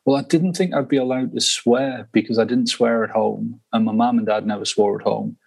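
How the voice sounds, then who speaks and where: A man's voice: medium pitch, fairly even intonation, fairly quick, gravelly, a little mellow, slightly rough, poor audio. A man co-hosting a football podcast, telling stories in a casual chatty way and laughing often. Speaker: podcast co-host. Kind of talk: casual chat.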